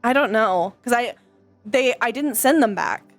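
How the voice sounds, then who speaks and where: Casting: fed-up woman streamer, higher voice, cursing and stammering, soft music underneath. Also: lively intonation, a little slow, dry recording. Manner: frustrated, swearing, stammering restarts. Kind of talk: casual venting to chat.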